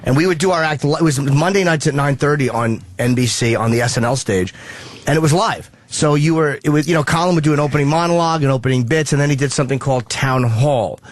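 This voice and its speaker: A man with an American accent telling profane, animated stories on a talk radio show, acting out quotes loudly. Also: on the high side, quick pace, no echo. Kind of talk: casual storytelling on talk radio.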